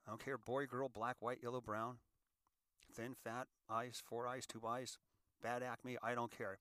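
A man's voice: medium pitch, bright, forceful tone, dry recording, studio quality. A man in his sixties hosting a show, talking casually to listeners in a folksy way, often repeating words as he gives advice. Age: 60s. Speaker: show host.

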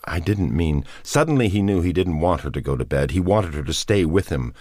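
A man narrating an audiobook in a measured, expressive reading. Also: sits low, no echo, clean studio sound. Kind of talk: scripted narration.

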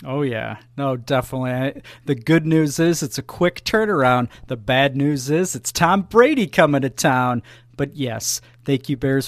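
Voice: medium pitch, no echo, clean studio sound. A sports podcast co-host chatting casually, laughing often and swearing now and then.

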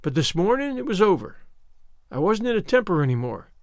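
A man's voice: sits high, sing-song, fairly quick, dry recording, clean studio sound. A man voicing a dramatic, imaginative young orphan girl who talks in a gushing, theatrical way. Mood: sulky.

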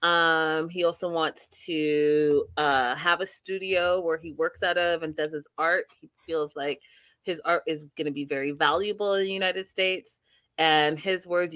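A woman's voice: sits low, moderate pace, a bit bright, no echo. A woman hosting a casual reality TV recap, emphatic and repeating phrases for effect. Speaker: show host.

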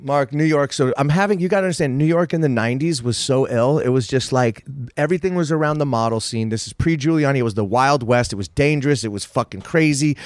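A man's voice: mid-range voice, dry recording, studio quality. A man in his fifties, a podcast guest telling rambling, profane stories in casual interview talk. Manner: profane, rambling, animated storyteller.

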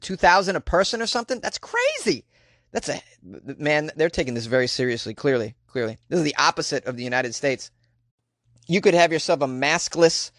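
A man's voice: a little high, no room sound, clean studio sound. Wry, jokey male podcast host. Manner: wry, jokey, animated asides. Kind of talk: comedic news commentary.

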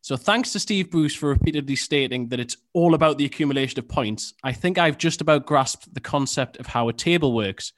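A man hosting a football quiz on a podcast, reading questions in a dry, measured way. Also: on the high side, lively intonation.

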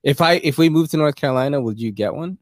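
A man co-hosting a podcast in casual chat, animated and playful, swearing now and then. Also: a little high, fast, no echo, clean studio sound. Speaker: podcast co-host.

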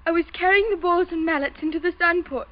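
An actress playing a frightened, distraught young daughter who answers in a tearful, trembling, pleading way in an old radio drama. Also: female voice, very high voice, fast talker, highs cut off.

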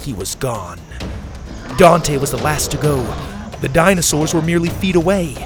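A man reading a scripted children's adventure story as the show's storyteller, in an even, measured way. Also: fairly high pitch, music in the background.

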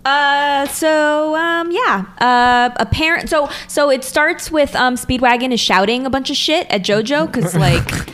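A woman retells an anime scene on a podcast in a relaxed, giggly way. She swears casually. Her voice sits a little high. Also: measured pace, hardly any pauses. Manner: giggly, laid-back, swears. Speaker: podcast co-host. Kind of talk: casual anime recap chat.

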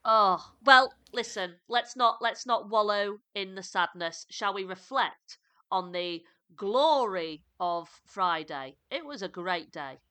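A woman co-hosting a podcast, chatting casually and enthusiastically about football, with quick bursts and restarts. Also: mid-range voice, expressive, pushed and bright, smooth. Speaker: podcast co-host.

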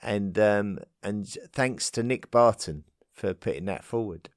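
A low-pitched man hosting a podcast in loose, unscripted chat. He rambles in a friendly way, restarting phrases as he thinks aloud. The sound is close and dry, with no room around it. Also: measured pace, no room sound. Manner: rambling, self-correcting, friendly. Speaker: podcast host.

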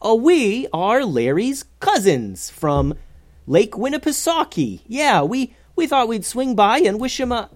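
Upbeat young ninja guy, read by the narrator, animated, slow delivery. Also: medium pitch, husky, no room sound, studio quality. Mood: nervous bluffing.

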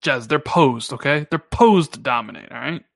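A man co-hosting a gaming podcast, talking in a casual, teasing way and jumping up in pitch when he jokes. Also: normal speed, vocal fry, no echo, clean studio sound. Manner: animated, teasing, pitch jumps up when joking. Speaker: podcast co-host.

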